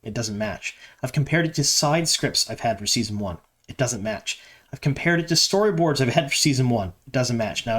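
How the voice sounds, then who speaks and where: A man talks straight to his audience about the latest fan news, at a middle pitch. He is chatty and opinionated, with plenty of ums and uhs along the way. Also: a bit bright. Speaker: fan news channel host. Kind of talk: casual solo commentary to camera.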